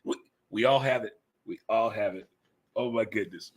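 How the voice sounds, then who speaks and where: A man's voice: on the low side, normal speed. A man in his fifties hosting a casual live chat show, joking and laughing easily as he talks. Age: 50s. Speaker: host.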